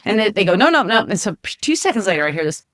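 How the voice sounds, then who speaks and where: A woman co-hosting a podcast, telling a lively story in casual chat and acting out the voices of the people in it. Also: medium pitch, racing. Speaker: podcast co-host, flight attendant. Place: home kitchen.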